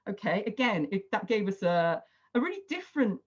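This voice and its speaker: A woman's voice: mid-range voice, big pitch swings, a little fast, breathy edge. A woman facilitating an online workshop on a video call, chatty and encouraging, with lots of "sort of" hedges. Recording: dull lo-fi video call audio.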